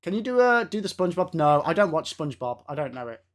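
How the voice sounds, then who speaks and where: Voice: mid-range voice, very animated, quick pace. A game streamer chatting casually with live viewers, laughing often and swearing now and then.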